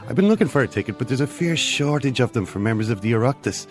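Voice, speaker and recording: A man's voice: mid-range voice, lively intonation, quick pace, soft background music, pitched above the performer's own voice, natural voice. A man voicing a creepy, fawning male local politician who wheedles for favours. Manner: oily, ingratiating.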